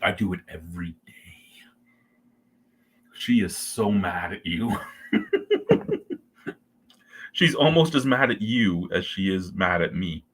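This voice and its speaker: A man's voice: deep voice, huge pitch swings, takes it slowly, long pauses, a bit bright, slightly rough. A man hosting a casual beer review livestream from home, rambling and joking crudely with his chat.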